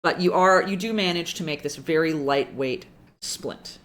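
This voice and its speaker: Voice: mid-range voice, normal speed, a bit bright. A game master narrating a tabletop game in a casual, meandering way with many fillers.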